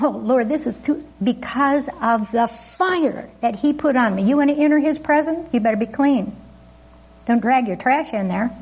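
Woman preacher with a husky, higher voice, chatty and laughing between points. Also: a little mellow. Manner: chatty, laughing often, asking the congregation questions. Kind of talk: informal sermon.

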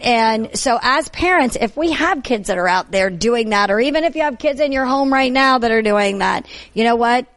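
A middle-aged woman speaks earnestly on a Christian talk show, her voice sitting a little high. She repeats phrases for emphasis and keeps an encouraging tone. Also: expressive, normal speed, hardly any pauses, fairly bright tone. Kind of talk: encouraging faith-based talk.

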